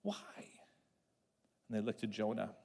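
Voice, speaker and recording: A man pastor preaching a sermon, telling the story in an animated way and repeating words as he builds. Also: on the low side, measured pace, vocal fry, breathy edge. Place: church sanctuary. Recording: long reverb of a church hall.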